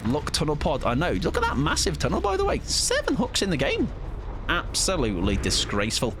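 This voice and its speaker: A man's voice: a little high, huge pitch swings, quick pace, music in the background. A young man casually commenting on his live gameplay, joking, swearing and taunting in mock-villain fashion. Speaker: streamer.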